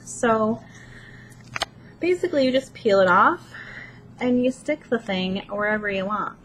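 A woman's voice: fairly high pitch, unhurried, rough recording. A woman talks her way through a casual craft tutorial at home. She is chatty, pokes fun at herself, and keeps talking as she works. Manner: chatty, self-deprecating, talks while working. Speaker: planner vlogger. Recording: steady background noise.

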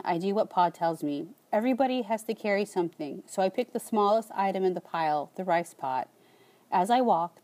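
Woman calmly reading an audiobook, warm mellow voice. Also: lowish voice. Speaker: audiobook narrator. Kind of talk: scripted audiobook narration.

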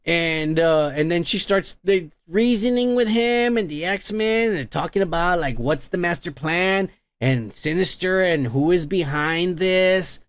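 A man with a high voice hosts a comedy podcast. He recaps an episode in loose, rambling talk full of cursing and stumbles. The sound is dry and close, with no room echo. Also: a little slow, few pauses, clear, resonant tone. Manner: rambling, swears constantly, restarts often. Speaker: podcast host. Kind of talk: casual profane recap.

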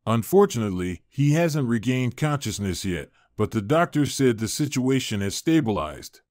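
A man voicing a calm, matter-of-fact lawyer in a story reading. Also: medium pitch, moderate pace, no echo, studio quality, lightly acted. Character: calm reassuring male family lawyer.

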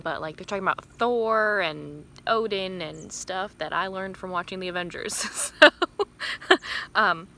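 A woman's voice: lowish voice, bright, forceful tone, a little hiss or hum. A woman in her early twenties, chatting casually outdoors about a book she is reading, giggly and full of "like". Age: early 20s. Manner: chatty, giggly, heavy use of "like". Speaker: book vlogger. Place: outdoors in sunlight.

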